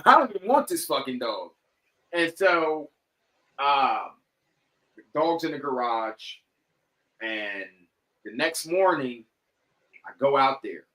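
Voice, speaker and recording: A man on a podcast telling a story casually, animated and profane, acting out what people said. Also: mid-range voice, slow, long pauses, rough recording. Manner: animated, profane, acts out quoted lines. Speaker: podcast guest.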